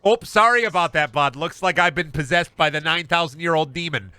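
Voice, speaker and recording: A man's voice: on the high side, a little fast, bright, forceful tone, clean tone, no room sound, pitched above the performer's own voice. A man putting on a folksy, relentlessly pleasant Minnesotan telemarketer who keeps calling the listener bud. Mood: cheery.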